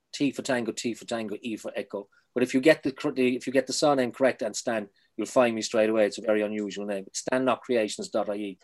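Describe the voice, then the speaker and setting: A man's voice: medium pitch, darkish tone. An Irish man, a spoken-word poet, talking earnestly in a casual interview and often repeating words as he goes. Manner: earnest, repeats words while finding them.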